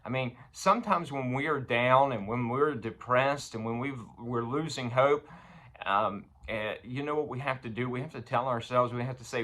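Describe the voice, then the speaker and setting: A man preaching a morning sermon, halting with many fillers and growing louder as he reads scripture. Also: medium pitch.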